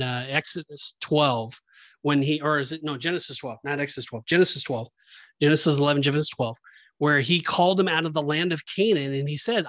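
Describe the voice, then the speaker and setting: A man's voice: a little high, fairly bright tone, no echo. Easygoing man explaining scripture. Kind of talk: casual chat.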